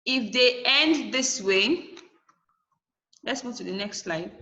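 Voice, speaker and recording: A woman teacher with a high, sharp, animated voice leads a classroom English lesson at a slow pace. She spells word endings letter by letter and repeats each example word, captured on a dull lo-fi classroom recording.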